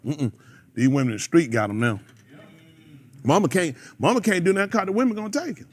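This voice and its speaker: A man's voice: on the high side, fast talker. A man preaching a fiery sermon, calling out members of the congregation by name. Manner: animated, preachy, calls out listeners by name.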